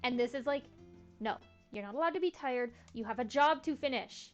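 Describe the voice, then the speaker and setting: A woman's voice: sits high, brisk, muffled recording, faint music behind. Chatty young woman streaming a game. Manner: chatty, laid-back, slangy and self-mocking. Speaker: streamer playing a farming game. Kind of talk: casual gameplay commentary.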